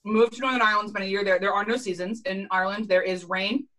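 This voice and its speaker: A woman, joking wryly and swearing freely in a casual chat over a call. Her voice is bright and forceful at a middling pitch, and her quips land dry. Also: steady tone, fast. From Philadelphia, US. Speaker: podcast co-host. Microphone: remote call recording.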